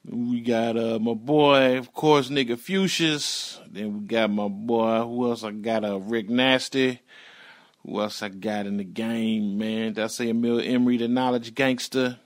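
A man's voice: medium pitch, fairly even intonation, unhurried. A man hosting a podcast, signing off in a casual, rambling, profane way. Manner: profane, laid-back, rambling. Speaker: podcast host. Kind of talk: casual show sign-off.

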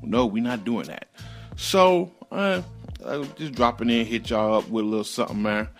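A man hosting his own podcast, telling a story in loose, slangy casual talk and jumping high when he acts out heated moments. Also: moderate pace, faint music behind. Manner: loose, slangy, animated retelling with sudden high-pitched outbursts. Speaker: podcast host.

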